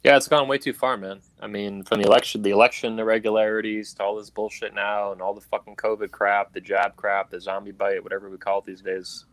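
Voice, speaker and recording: A low-voiced man rants with anger and heavy profanity as he hosts a live stream. His delivery is emphatic and relentless, and the sound is dry and close over a video call. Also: flat delivery, fast talker, hardly any pauses, fairly bright tone, no room sound. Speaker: livestream host. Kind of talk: heated political rant.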